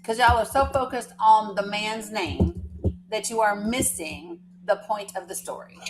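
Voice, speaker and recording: A woman's voice: mid-range voice, unhurried, music in the background, poor audio. A woman chatting casually on a live stream, rambling through a story and teasing her viewers.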